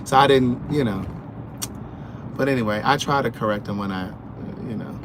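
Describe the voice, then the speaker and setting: A man vlogging from his car, chatting in an animated, sassy way and answering comments, sounding sleepy. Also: medium pitch, moderate pace. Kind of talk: casual chat while driving. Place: in a car on the road. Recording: car road noise. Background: road noise.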